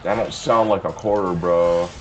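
A man's voice: low voice, steady tone, normal speed, muffled recording. A young man joking crudely and swearing heavily while playing a kart racing game with a friend. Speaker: gamer. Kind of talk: casual gaming chat. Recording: game music playing behind.

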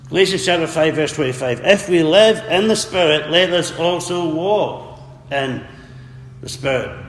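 A man's voice: fairly high pitch, measured pace, slight background noise. A man preaching a sermon earnestly, repeating words and calling out for amens. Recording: echoey hall with faint ambience.

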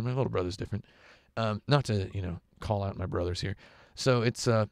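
A man's voice: lowish voice, vocal fry, no echo, clean studio sound. A man chatting casually on a game livestream, telling rambling, digressive stories into a headset at home. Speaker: streamer. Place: home room with carpet.

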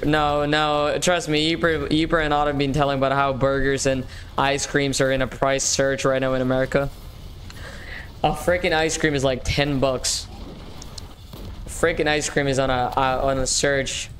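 A young man with a medium-pitched voice hosts a live gaming stream, chatting upbeat and casually with viewers, using slang and often repeating himself. There's slight background noise.

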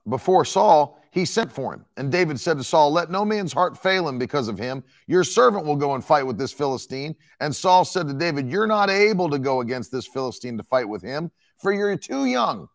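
A man's voice: a little high, normal speed, hardly any pauses. A male preacher delivering an emphatic sermon, reading and explaining a Bible passage. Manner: emphatic, animated Bible exposition.

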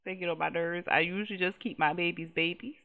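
A gaming channel host with a lowish voice talks fast through casual gameplay commentary, animated and exasperated. She swears freely and addresses her viewers directly, and the lo-fi recording sounds dull.

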